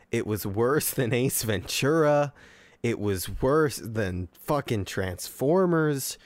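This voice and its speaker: A podcast host with a medium-pitched voice rants into a desk microphone, swearing in exasperation as he reacts to a movie. There's no room sound.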